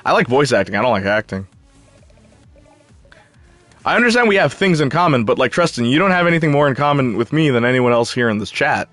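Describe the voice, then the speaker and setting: A man's voice: medium pitch, sing-song, a little fast, pauses often, fairly bright tone, no echo, soft background music. A young man hosting a live game stream, chatting casually and answering viewer comments. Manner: chatty, jumpy, talks back to chat.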